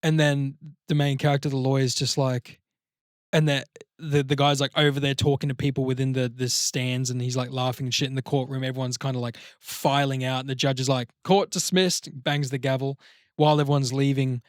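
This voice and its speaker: A man in casual podcast chat, rambling and swearing as he tells a story, slipping into little acted voices along the way. His voice sits at a middling pitch. It is recorded close and dry. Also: flat delivery, brisk, no room sound. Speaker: podcast co-host.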